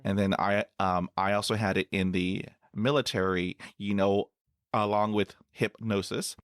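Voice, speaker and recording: A middle-aged man hosting a podcast interview, speaking slowly with stutter blocks and repeated sounds. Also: on the low side, steady tone, smooth, dry recording, studio quality. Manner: slow, halting speech with stutter blocks. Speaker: podcast host.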